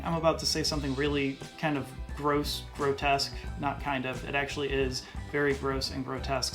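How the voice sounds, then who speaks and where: A male podcast host giving a casual Bible teaching in a conversational way, slowing down to stress key phrases. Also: on the high side.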